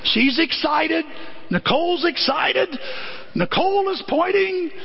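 A male pastor preaches with a high, lively voice and tells stories with animation, slipping into the voices of the people in them. The recording is slightly muffled. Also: moderate pace. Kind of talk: sermon.

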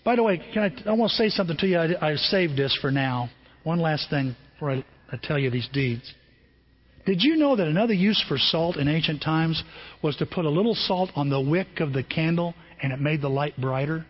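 A man's voice: fairly high pitch, expressive, brisk, slightly rough. A man preaching a sermon as a pastor, talking conversationally and asking the congregation questions. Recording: lo-fi with long hall reverb.

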